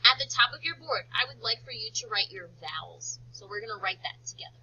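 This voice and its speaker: A woman teacher leading a slow phonics lesson for young children, stretching out words for them to repeat and praising them often. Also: a little high, lively intonation, pushed and bright, muffled recording, slight background noise. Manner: slow, drawn-out word modelling and encouraging praise.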